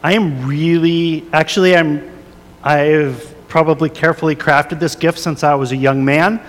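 A man in his thirties preaching a sermon, earnest and confessional, shifting from soft prayer to emphatic storytelling. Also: on the high side, steady tone, moderate pace, long reverb tail. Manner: earnest, confessional, many fillers and restarts, soft prayerful then rising emphatic. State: a little emotional. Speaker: pastor.

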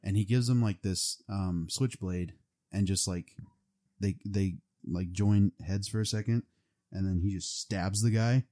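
A man's voice: sits low, fairly even intonation, unhurried, warm tone. A young man casually retelling a movie plot, rambling with lots of fillers. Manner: rambling, full of "like" and "um".

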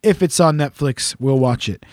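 A man's voice: mid-range voice, moderate pace, darkish tone, dry recording, studio quality. A man co-hosting a podcast, reading listener messages aloud in a teasing, rambling way with lots of fillers. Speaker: podcast co-host.

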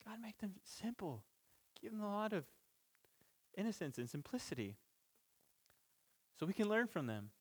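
Higher-voiced man teaching scripture. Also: sing-song, moderate pace, pauses often, husky. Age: parent of children. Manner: informal, chuckles between points, restarts mid-sentence. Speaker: pastor. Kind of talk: conversational Bible teaching.

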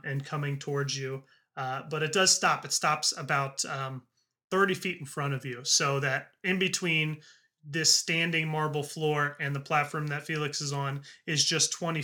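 Guy running a tabletop game, lots of ums and uhs, kinda high bright voice. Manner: halting, filled with ums and uhs. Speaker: game master.

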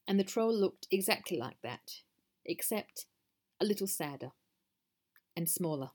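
A woman's voice: fairly low pitch, lively intonation, unhurried, long pauses, a little mellow. A woman reading her own story aloud in a dry, wry narrating manner.

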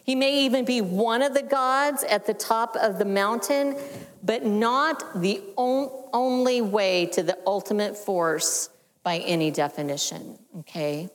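A woman gives a church teaching in a measured, explanatory way. Her phrases often sink soft and low at the end. Her voice carries a long reverb, as in a large hall. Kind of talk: sermon teaching.

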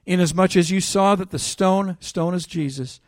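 Animated man preaching a sermon. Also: sits high, normal speed, no echo, clean studio sound. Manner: animated, swings between loud emphatic reading and quiet storytelling. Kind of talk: sermon with scripture reading and storytelling.

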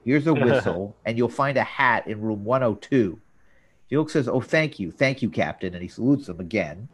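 A man hosting a casual talk show, recapping scenes and jumping into quoted lines with an animated delivery. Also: slightly rough. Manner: animated, jumps up in pitch for quoted characters. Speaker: podcast host.

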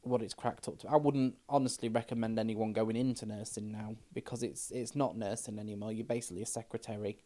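A woman's voice: very deep voice, steady tone, quick pace, few pauses, mellow. A middle-aged trans woman, talking frankly as a podcast guest and telling stories with quoted dialogue. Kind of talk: casual chat.

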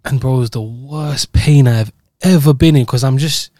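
A man telling a story in relaxed, slangy podcast chat. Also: mid-range voice, normal speed. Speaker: podcast co-host. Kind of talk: casual banter.

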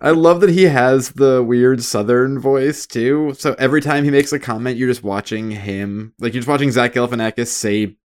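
A man of middle pitch joins a casual podcast discussion. He gets animated and laughs as he riffs. His tone is loose and conversational. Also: moderate pace, few pauses, clean tone. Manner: animated, laughs while quoting lines. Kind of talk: casual chat.

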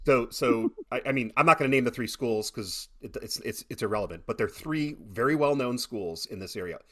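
A middle-aged man chatting casually on a podcast, telling animated stories with many repeated starts. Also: medium pitch, fairly quick. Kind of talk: casual chat.

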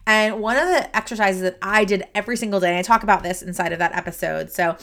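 A woman's voice: mid-range voice, quick pace, fairly bright tone. A woman hosting a solo podcast from her office, talking in a chatty way with many fillers and restarts, teary and sniffly. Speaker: podcast host and career coach. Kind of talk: casual solo podcast monologue.

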